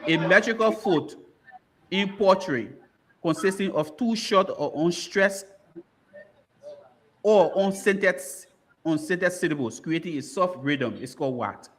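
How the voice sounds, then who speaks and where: Liberian quizmaster man, slightly high. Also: animated, a bit bright. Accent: Liberian English. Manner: brisk, repeats commands and urges contestants on. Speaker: quiz bowl moderator. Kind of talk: reading quiz questions.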